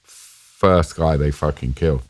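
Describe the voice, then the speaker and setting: Low-voiced British man recounting his captivity. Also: darkish tone, dry recording. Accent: British English. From Britain. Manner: halting, emotional retelling with restarts. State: choked up at times. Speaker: interview guest. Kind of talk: personal storytelling.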